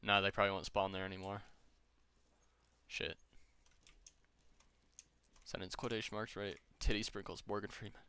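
A man's voice: fairly low pitch, little pitch movement, moderate pace, pauses often, bright, forceful tone, smooth, dry recording. A young man chatting casually with friends while gaming, rambling, joking and swearing freely. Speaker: gamer streaming with friends.

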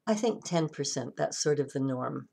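A woman's voice: sits low, lively intonation, normal speed, gravelly, dark tone, slightly rough, heavily acted. A woman voicing a desperate middle-aged man who pleads and bargains with God. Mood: bargaining.

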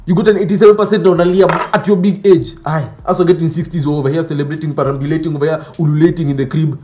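Animated man ranting comically. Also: a little high, very fast, reverberant, a little hiss or hum. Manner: animated, mixing in Swahili slang, mock-outraged. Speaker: comedy sketch creator. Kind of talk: comedic monologue with skits.

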